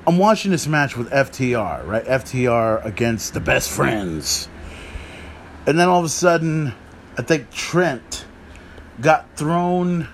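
A man's voice: medium pitch, slight background noise. A man hosting a podcast, ranting casually about wrestling with profane, exasperated rambling. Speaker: podcast host. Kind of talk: casual wrestling commentary rant.

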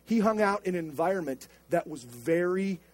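Slangy, high-voiced male preacher. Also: moderate pace. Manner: slangy, animated, joking. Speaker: pastor. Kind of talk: casual preaching.

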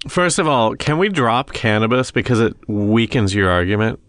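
A man co-hosting a podcast, asking quick questions, teasing, and steering the talk. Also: lowish voice, animated, fairly bright tone, dry recording. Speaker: podcast co-host. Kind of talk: casual podcast chat.

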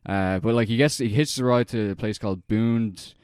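A man's voice: lowish voice, normal speed, darkish tone, clear, resonant tone, no echo, clean studio sound. A young man chatting casually, rambling and swearing with lots of fillers as he recounts a film. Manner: rambling, profane, heavy on fillers. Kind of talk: casual chat.

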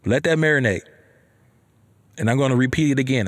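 A young man, casually telling a personal story, profane and animated, with lots of "you know what I'm saying". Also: medium pitch, a little fast, pauses often.

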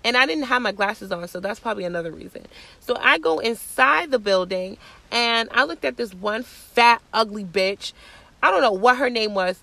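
A young woman hosting her own show, telling a casual story in a blunt, profane, animated way. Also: a little high, normal speed, creaky, no echo. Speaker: podcast host.

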